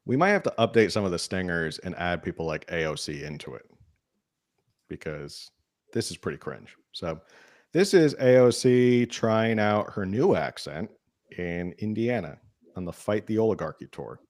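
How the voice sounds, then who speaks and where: Male co-host, low voice, dry and wry, casual podcast talk. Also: lively intonation, moderate pace, darkish tone. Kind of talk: casual political chat.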